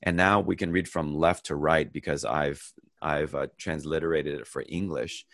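Over an online video call, sharing his screen, a bass-voiced man from the United States teaches a casual Bible lesson with no room sound. After an opening prayer he works through a verse in a relaxed way, pausing, using fillers and restarting often.

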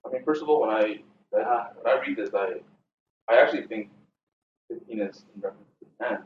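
A man's voice: on the low side, fairly quick, a little hiss or hum. A man in a Bible study group who thinks aloud, hesitates and uses many fillers. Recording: echoey, dull, distant room recording.

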